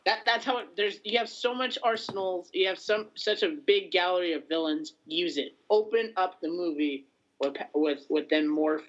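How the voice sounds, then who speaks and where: A man's voice: high-pitched, moderate pace, lo-fi sound, slight background noise. A man co-hosting a podcast in casual chat, talking hesitantly and filling his speech with "like" and "um". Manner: hesitant, full of "like" and "um". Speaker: podcast co-host.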